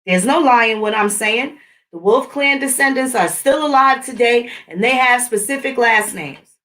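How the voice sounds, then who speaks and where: A woman's voice: fairly high pitch, moderate pace, a bit bright, distant mic. A middle-aged woman hosting her own channel, talking in a blunt, combative, profane casual rant. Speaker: channel host. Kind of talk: casual ranting monologue.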